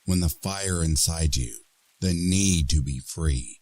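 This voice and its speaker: A man narrating a horror story in a dramatic, expressive reading style. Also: very deep voice, slow pace, no room sound.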